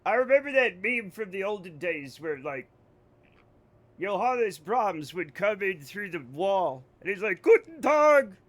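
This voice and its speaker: American guy streaming games, kinda high voice, rambly and jokey with chat. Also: lively intonation, measured pace, a bit bright. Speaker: game streamer. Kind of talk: casual livestream chat.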